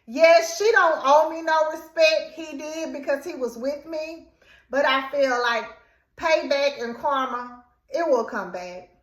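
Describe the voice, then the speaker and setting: A young adult woman telling a casual story time, animated and dramatic as she acts out what was said. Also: high voice, measured pace, reverberant. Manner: animated, dramatic retelling with quoted outbursts.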